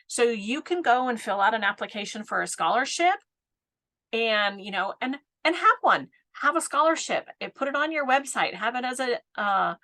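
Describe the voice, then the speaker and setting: A woman's voice: on the high side, expressive, moderate pace, pushed and bright. A woman in her fifties giving a casual live coaching talk, laughing often and tagging her points with "right?". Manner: chatty, laughs often, keeps asking "right?". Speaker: business coach.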